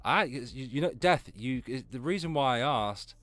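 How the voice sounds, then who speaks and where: English stream host, London-area accent, animated pitch, dry close mic, faint music behind. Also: male voice, normal speed, no room sound. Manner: casual, swearing, chatty. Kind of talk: live stream commentary.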